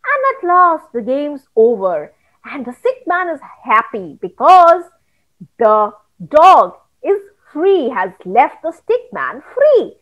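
A woman telling a children's story with an animated, singsong manner, talking directly to the children. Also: high-pitched, slow, dull audio. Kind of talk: storytelling for kids.

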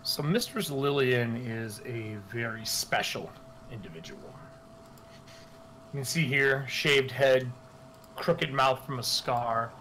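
A man's voice: mid-range voice, takes it slowly, bright, forceful tone, a little hiss or hum, poor audio. A man acting as game master who narrates scenes casually. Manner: casual, loose. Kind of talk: tabletop role-play narration.

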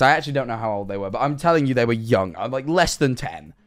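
Animated young Englishman on a livestream. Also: medium pitch, fast talker, hardly any pauses, faint music behind. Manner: animated, swearing, bursts into incredulous shouting. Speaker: streamer. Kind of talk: casual livestream chat reacting to viewer messages.

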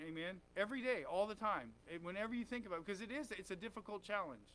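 A man's voice: sits high, animated, quick pace, fairly bright tone, slight background noise. A man preaching a conversational sermon in a church, often asking the congregation questions and saying "amen.". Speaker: pastor.

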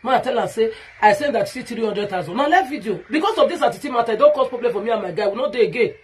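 Raspy fast-talking Nigerian woman. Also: on the high side, expressive. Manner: aggrieved, repetitive, addressing a rival directly. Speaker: vlogger. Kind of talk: direct-to-camera rant video.

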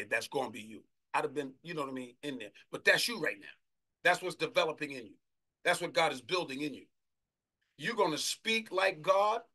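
Fervent preacher with a bright, tense voice. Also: male voice, mid-range voice. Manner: fervent, shouting bursts, drawn-out scripture reading. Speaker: apostle preaching. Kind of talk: sermon.

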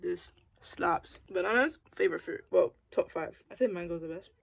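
A woman's voice: fairly low pitch, normal speed, creaky. A young woman chatting casually in a vlog, tired and talking while she eats. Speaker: vlogger.

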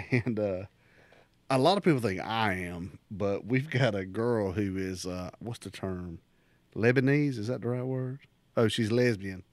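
A man's voice: lowish voice, measured pace, dry recording. A middle-aged man co-hosting a podcast, telling a rambling, crude workplace story in casual chat and laughing often. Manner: crude, joking. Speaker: podcast co-host.

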